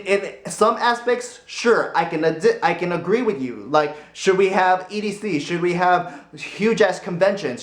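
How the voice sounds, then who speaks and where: Brief: chatty male vlogger, fairly high voice, roomy echo around him. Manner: rambling, animated, laughs easily. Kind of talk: casual opinion vlog. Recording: roomy echoey room.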